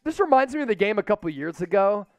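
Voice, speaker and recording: A man hosting a live sports watch party, calling plays and cheering loudly. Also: sits high, quick pace, no room sound. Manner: excitable, shouts chants and play-by-play calls. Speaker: host.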